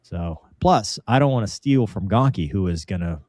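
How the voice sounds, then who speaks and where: A man co-hosting a casual live talk show, reading viewer comments and reflecting in a halting way with frequent restarts. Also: lowish voice, expressive, a little mellow. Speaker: co-host reading viewer chat.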